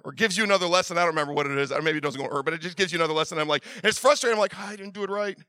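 High-voiced pastor preaching with bright energy. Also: male voice, very fast, no echo. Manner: storytelling with many restarts, swings from loud urging to quiet asides. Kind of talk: sermon.

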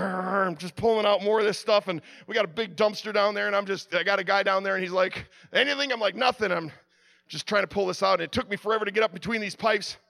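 A man preaching, telling a lively personal story with sound effects and frequent restarts. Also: sits high, vocal fry. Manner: drops to a hushed, prayerful tone at the close.

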